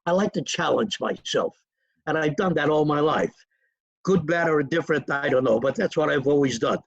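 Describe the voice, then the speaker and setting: An older man, his voice gravelly and husky. He drifts from one memory to the next in a rambling, chatty way. The sound is close and dry. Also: a little high, lively intonation, brisk, dry recording, highs cut off. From New York. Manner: rambling, digressive storytelling with chuckles. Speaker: interview guest. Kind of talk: reminiscing in a casual interview.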